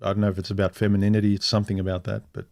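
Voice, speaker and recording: A man's voice: lowish voice, flat delivery, rapid-fire, creaky, a little mellow. A middle-aged man telling a personal story on a casual livestream, frank and rambling, restarting his sentences as he goes. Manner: rambling, frank, restarts often and acts out quoted speech. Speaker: vlogger.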